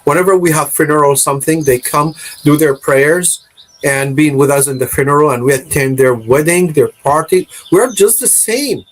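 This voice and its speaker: Earnest man, slightly high voice. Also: slight background noise, rough recording. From Iraq. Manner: earnest, non-native phrasing, slow stresses on key words. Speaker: guest. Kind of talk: conversational interview.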